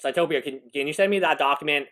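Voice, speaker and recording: A man's voice: fairly high pitch, fast talker, fairly bright tone. A man, a lawyer, giving live reaction commentary, incredulous and laughing, rambling with restarts.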